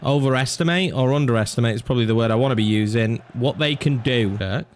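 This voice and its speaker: A young man commentating over his own football video game, excitable and swinging from low muttering to shouts at chances and goals. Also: quick pace, slight background noise. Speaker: gaming YouTuber. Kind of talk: live commentary over gameplay.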